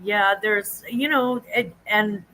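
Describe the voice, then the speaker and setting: Rambling from topic to topic, an American livestream host chats casually with her viewers, calling out their names in a high sing-song. Her voice is bright and forward over faint room ambience, in a slow, rough recording.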